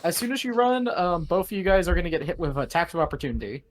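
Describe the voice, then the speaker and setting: Man, game master, tabletop narration, halting, lots of fillers, slightly high pitch. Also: big pitch swings, slight background noise.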